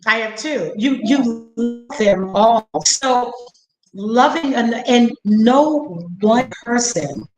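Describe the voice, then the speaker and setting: Animated woman telling stories, echoey room. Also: fairly high pitch, slow, soft background music. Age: 50s. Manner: animated storyteller acting out dialogue. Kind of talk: casual conversation.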